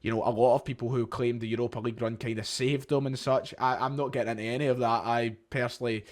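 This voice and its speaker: A man's voice: mid-range voice, steady tone. A young Scottish man hosting a casual football podcast over a video call, chatty and leading the talk. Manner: chatty, quick, leads the talk. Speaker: podcast host.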